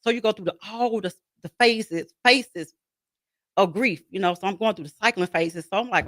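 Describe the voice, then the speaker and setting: A woman's voice: medium pitch, moderate pace, a bit bright, no room sound. A woman speaking as a guest in an interview about her life as a grieving mother, talking earnestly and repeating herself as she voices her own inner dialogue. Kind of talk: interview conversation.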